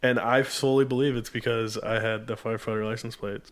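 A man's voice: mid-range voice, level tone, fast talker. A young man in casual chat, telling a laid-back story, swearing and acting out quotes of others.

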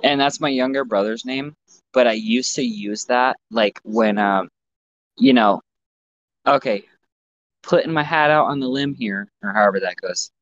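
A man's voice: medium pitch, unhurried, fairly bright tone. A man hosting a casual podcast, talking in a blunt, crude, joking way. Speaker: podcast host. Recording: dull lo-fi sound.

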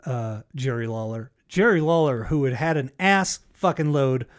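Male podcast host, casual profane storyteller, mid-pitched voice. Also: normal speed. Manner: profane storyteller, acts out quotes. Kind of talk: casual chat.

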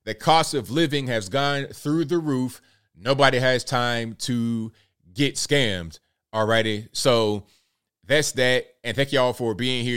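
A man's voice: medium pitch, fairly bright tone, smooth. A man hosting a live political commentary show, talking to his audience in a casual, direct, folksy way and repeating points for emphasis.

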